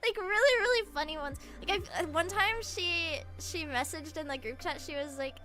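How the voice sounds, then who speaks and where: A young adult woman streamer chatting casually with her chat, gushing and giggling often, swinging from soft mumbles to shrieks. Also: extremely high pitch, normal speed. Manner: gushing, giggly, frequent laughter.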